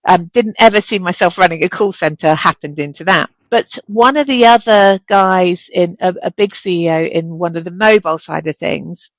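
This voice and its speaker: A woman's voice: lowish voice, no echo, poor audio. A middle-aged woman, a chief executive, speaking as a guest in an interview, telling stories with energy and acting out the dialogue. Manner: energetic, animated storyteller, acts out quoted dialogue. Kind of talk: candid interview conversation.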